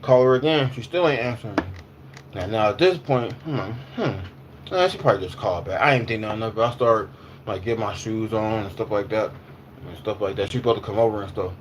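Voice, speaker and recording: A man's voice: fairly low pitch, fast, slight background noise. A man in his twenties or thirties chatting casually on a livestream. He talks in a loose, slangy way, repeats himself, and answers viewers' comments as he goes.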